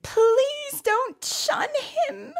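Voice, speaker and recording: A woman's voice: extremely slow, creaky, full character voice. A woman doing a sobbing young Amish girl. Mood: pleading. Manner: sobbing, high-pitched pleading.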